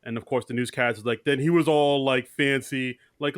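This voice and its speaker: A man's voice: mid-range voice, fairly even intonation, brisk, smooth, no echo, clean studio sound. A man co-hosting a podcast, casually recapping a movie and jokingly acting out lines from it. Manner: jokey, acts out characters' lines. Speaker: podcast co-host.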